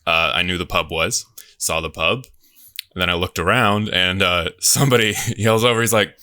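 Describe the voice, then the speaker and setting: A man's voice: low-pitched, normal speed, bright, forceful tone, no room sound, clean studio sound. A man, a podcast game show contestant, tells embarrassing personal stories in a self-deprecating way, chuckling as he goes. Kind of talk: casual storytelling.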